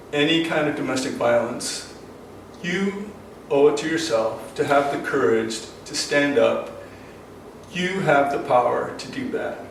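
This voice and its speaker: Older man, earnest and echoey. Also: a little high. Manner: earnest, rambling, with many ums and uhs. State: emotional, choked up. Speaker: self-defense instructor. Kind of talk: casual instructional talk to camera. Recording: very echoey, distant from the mic, faint noise.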